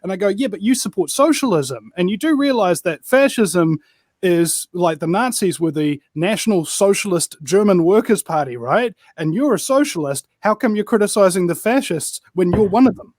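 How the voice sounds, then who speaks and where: A man's voice: sits high, expressive, normal speed, darkish tone, dry recording, studio quality. A man from New Zealand with a New Zealand accent, a guest telling stories and ranting in casual political chat, often saying "bro". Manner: ranting, storytelling, peppered with "bro".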